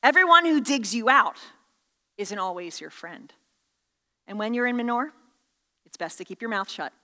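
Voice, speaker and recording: A woman's voice: fairly high pitch, lively intonation, normal speed, bright, forceful tone, big-room sound. A woman pastor preaching a sermon with playful, jokey asides and many restarts.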